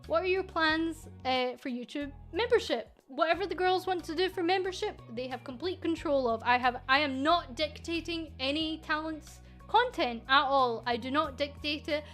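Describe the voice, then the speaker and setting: A woman's voice: high-pitched, normal speed, few pauses, fairly bright tone, soft background music. A woman with a Scottish accent who runs a VTuber agency, answering viewer questions in a casual livestream. She talks frankly and jokingly, with plenty of fillers and restarts.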